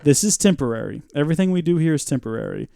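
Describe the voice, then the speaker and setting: A man's voice: on the high side, huge pitch swings, racing, vocal fry, mellow, clear, resonant tone, no room sound. Chatty man streaming gameplay live. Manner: chatty, joking, reads out viewer comments.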